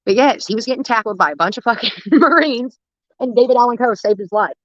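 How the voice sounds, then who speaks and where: Fast-talking, bright-voiced woman. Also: fairly high pitch, dry recording, muffled recording. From United States. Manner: rambling, profane, animated anecdotes about her dad. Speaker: livestream host. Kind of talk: casual storytelling.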